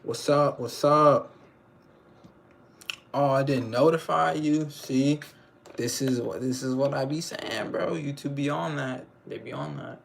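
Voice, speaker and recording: A young man with a gravelly, mid-range voice hosts a casual livestream at a measured pace, with slight background noise. He rambles in slang and keeps checking in with viewers, asking "you know what I'm saying."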